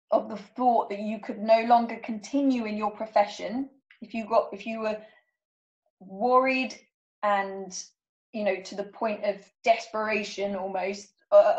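A woman's voice: medium pitch, a little mellow, highs cut off. A woman coach giving a workshop talk, reading out numbered statements and checking in with her listeners. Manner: checks in with frequent "okay?".

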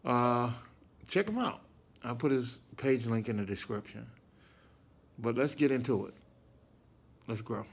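Slow-talking man reacting to a prank call. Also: medium pitch, animated, gravelly, slightly rough. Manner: laid-back, amused, slangy asides. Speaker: reaction video host. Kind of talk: casual reaction commentary.

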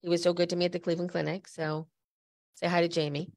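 A woman's voice: lowish voice, little pitch movement, fast talker, a little mellow, dry recording. A woman hosting a podcast, a little stuffy from a cold, chatting and telling stories straight to listeners. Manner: chatty storyteller, direct appeals to listeners. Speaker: podcast host. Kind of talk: conversational podcast talk.

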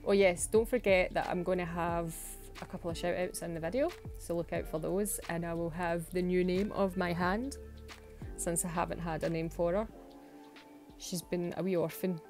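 Chatty Scottish woman, low voice. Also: steady tone, normal speed, darkish tone, faint music behind. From Scotland. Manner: chatty and self-mocking, laughs often, says "wee". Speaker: nail art vlogger. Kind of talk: casual voice-over narration. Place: home.

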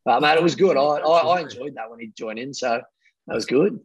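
A professional rugby player, an Australian man in his thirties, appears as a guest and tells stories casually, rambling and animated, full of fillers and acted-out quotes. His medium-pitched voice is fairly quick with a breathy edge, recorded with no room sound and the highs cut off.

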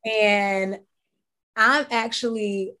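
A woman's voice: mid-range voice, steady tone, drawn-out words, pushed and bright. Woman, actress guest, casual chat, reflective, filler-heavy. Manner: chatty, reflective, many fillers.

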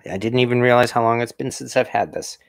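A man's voice: mid-range voice, quick pace, gravelly, dry recording. A man hosting a casual cooking livestream, chatting and chuckling as he tastes his dish and answers viewer comments. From New England, USA. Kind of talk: casual live-stream chat while tasting food.

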